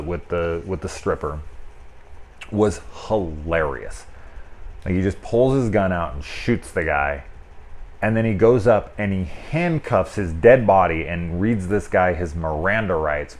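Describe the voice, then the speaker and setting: A man with a notably low, deep voice talks through a film review in an offhand, unscripted way. He rambles, leans on filler words and swears freely, amused by what he describes. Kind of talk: casual spoken movie review.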